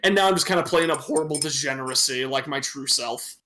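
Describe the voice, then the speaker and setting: A man's voice: medium pitch, fast, bright, forceful tone. A young man from Michigan, casually chatting on a podcast stream, joking and laughing at himself. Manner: laughing, self-mocking, profane. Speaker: podcast co-host. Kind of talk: casual chat. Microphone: desktop microphone on a stream.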